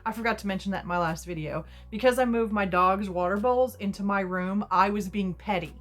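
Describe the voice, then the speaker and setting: A woman's voice: mid-range voice, a little fast. A woman vlogger retelling a personal story in a rambling, chatty way with asides. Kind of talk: casual storytime.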